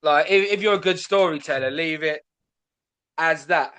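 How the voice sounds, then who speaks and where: A man hosts a comedy podcast in an easygoing chat. His voice sits a little higher than most men's, and he asks blunt, encouraging questions. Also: moderate pace, sharp tone, clean tone. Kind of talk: casual interview chat.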